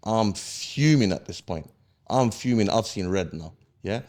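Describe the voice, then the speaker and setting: Man, low voice, street slang, heated podcast storytelling, keeps asking "yeah?". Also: animated, a little slow, a little mellow. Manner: street slang, checks in with "yeah?" after each point; heated, emphatic retelling. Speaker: podcast guest. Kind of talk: casual storytelling interview.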